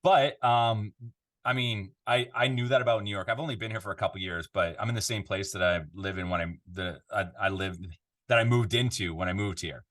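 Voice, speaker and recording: A Canadian man, a voiceover artist, chatting casually in an interview from his home control room, animated and full of fillers. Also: on the low side, fairly quick. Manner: animated, conversational, lots of fillers.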